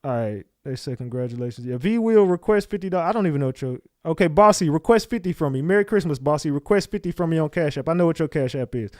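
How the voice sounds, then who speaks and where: Guy on a livestream giving shoutouts to chat, kinda high voice, dry close sound, aave slang. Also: expressive, fast, few pauses, no room sound. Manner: loose, slangy, calls out chat names. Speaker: livestream host. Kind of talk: casual livestream chat with viewers.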